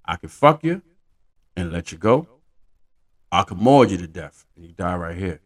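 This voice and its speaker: A man's voice: deep voice, big pitch swings, normal speed, far from the mic. A man voicing a sly male bear in a crude spoken joke, casual and smug.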